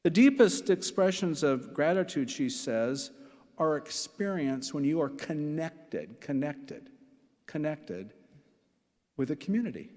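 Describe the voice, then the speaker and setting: An older man in his sixties preaches a sermon at an unhurried pace. He tells stories with asides and repeats key phrases, his voice ringing with long reverb from a church hall. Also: on the high side, big pitch swings, a little mellow. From Nebraska. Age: 60s. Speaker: pastor. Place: church sanctuary.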